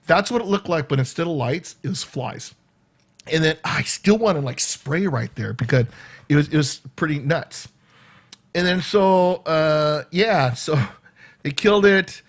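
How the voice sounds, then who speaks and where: A man's voice: a little high, a little slow. A man vlogging from his home, telling a rambling story to the camera and often breaking off with "right?". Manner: animated, rambling, peppered with "right?" and laughs.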